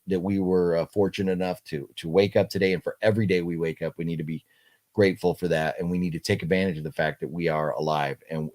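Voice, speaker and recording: A middle-aged man hosting a casual livestream chat, talking haltingly with many fillers and restarts while he reads out viewer comments. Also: deep voice, a little mellow. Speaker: livestream host.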